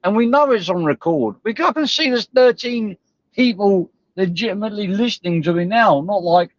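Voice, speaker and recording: A man's voice: high-pitched, animated, normal speed, dry recording, dull audio. A man ranting on a livestream, sweary, confrontational and rambling. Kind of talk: livestream rant.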